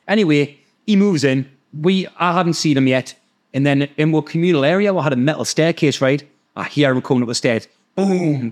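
A man with a Geordie accent telling a long, animated story in casual chat, swearing freely and acting out the other people's voices. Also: mid-range voice. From North East England. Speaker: podcast guest storyteller.

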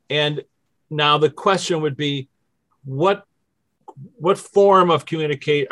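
A man's voice: a little high, fairly bright tone, no room sound. A man hosting a casual spiritual chat, walking listeners through numbered steps. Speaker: host.

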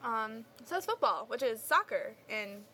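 A woman's voice: fairly high pitch, lively intonation, moderate pace, pushed and bright, a little hiss or hum. A young woman co-hosting a podcast, reading listener mail in a giggly, playful casual chat. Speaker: podcast co-host.

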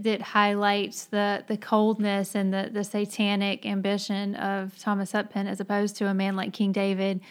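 A woman speaks with a flat, even tone in a casual book discussion. She lays out her analytical points in a measured way. Her pitch sits in the middle range. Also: clean tone.

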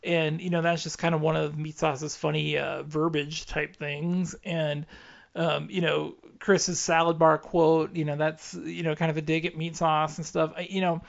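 A man with a slightly high, gravelly voice co-hosts a podcast, talking loosely and laughing along. He wanders through his points with lots of fillers, and the sound is dull and lo-fi. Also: little pitch movement, normal speed. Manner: rambling, filler-heavy, laughs often. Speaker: podcast co-host. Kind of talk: casual sports-radio chat.

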